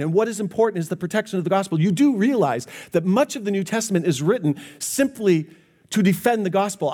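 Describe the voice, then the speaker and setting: A man's voice: high-pitched, a little mellow. A man preaching a sermon as pastor, earnest and speaking directly to his congregation.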